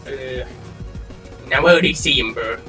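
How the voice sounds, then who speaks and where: A young man giving casual gameplay commentary, excitable, swearing and trash-talking with lots of slang. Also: mid-range voice, normal speed. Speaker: gaming channel host. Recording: distant mic with game music behind.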